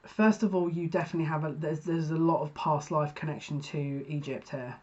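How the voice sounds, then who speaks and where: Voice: mid-range voice, steady tone, a little fast, darkish tone. Chatty rambling psychic reader, lo-fi sound. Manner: chatty, rambling, self-interrupting. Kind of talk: casual intuitive card reading for viewers.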